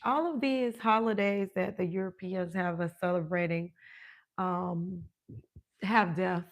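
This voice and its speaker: An older woman and fitness coach chatting casually with viewers on a live stream, animated, laughing often and greeting people by name. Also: lowish voice, a little slow. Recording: dull lo-fi stream audio.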